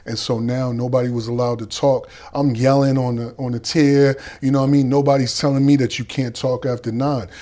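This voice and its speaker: Animated Boston man telling stories. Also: mid-range voice, a little fast, few pauses. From Boston, Dorchester. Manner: animated storyteller acting out quoted voices. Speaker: guest. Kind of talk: storytelling interview.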